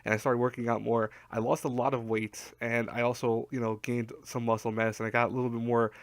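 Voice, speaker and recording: A man's voice: mid-range voice, level tone, brisk, dry recording. A tired young man with a voice worn from talking all day, rambling casually with lots of fillers as he gives advice in his vlog. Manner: rambling, self-deprecating, chatty with fillers. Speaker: YouTuber giving advice.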